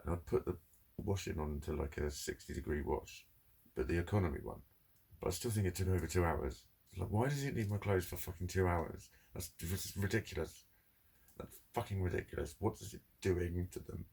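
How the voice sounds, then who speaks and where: Guy venting to camera, husky deep voice, swears constantly. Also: darkish tone. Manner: heavy swearing, ranting, candid. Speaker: vlogger. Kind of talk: confessional monologue.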